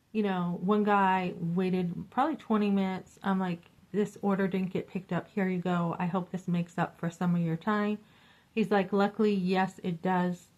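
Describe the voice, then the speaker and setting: A woman's voice: medium pitch, rough recording. A middle-aged woman telling a story in a casual vlog, venting with exasperation and acting out the dialogue. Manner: animated, acts out quoted dialogue. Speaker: vlogger.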